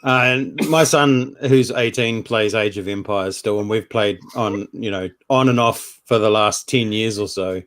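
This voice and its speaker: A man's voice: lowish voice, measured pace, few pauses, a bit bright. A man in his forties with a New Zealand accent, co-hosting a casual chat over a video call in a joking, playful way. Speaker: co-host. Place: home.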